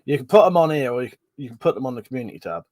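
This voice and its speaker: A man's voice: medium pitch, big pitch swings, rapid-fire, a little mellow, no echo. A man hosting a casual livestream, chatty and laughing often, with plenty of swearing. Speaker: livestream host. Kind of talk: casual live chat reading comments.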